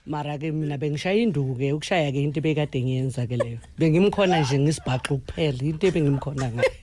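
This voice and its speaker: A man's voice: fairly high pitch, very fast, mellow, a little hiss or hum. A middle-aged man, a proud single father, talking in an interview and mixing Zulu with English. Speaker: parent of the guest. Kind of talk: interview conversation.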